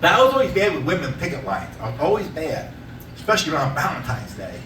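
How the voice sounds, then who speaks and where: A man performing a stand-up comedy set in a small theater, telling stories loudly and laughing at his own jokes. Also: a little high, fast, noisy background. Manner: loud, animated storytelling, laughing at own jokes. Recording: echoey room, mic from a distance.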